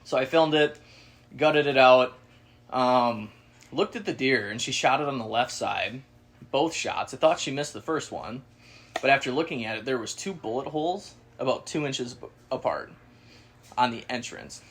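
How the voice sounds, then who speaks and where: Animated man telling a hunting story. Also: medium pitch, moderate pace. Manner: animated, swearing, acts out quoted voices. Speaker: podcast co-host. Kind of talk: casual storytelling.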